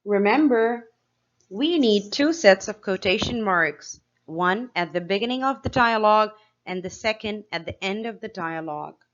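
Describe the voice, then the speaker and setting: A woman teacher giving a slow, clear grammar lesson to young pupils, asking them questions as she explains each step. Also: mid-range voice, lively intonation, lo-fi sound. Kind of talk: grade-school grammar lesson.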